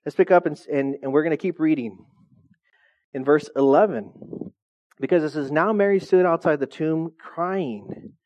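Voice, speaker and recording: A man's voice: fairly high pitch, normal speed, a little mellow, highs cut off. A man preaching a sermon as pastor, reading scripture and slipping in joking asides to the congregation.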